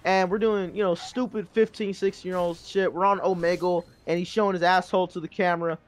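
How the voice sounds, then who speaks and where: A man in his twenties telling a rambling, profane story casually while gaming, breaking into loud, excited bursts. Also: high voice, fairly quick.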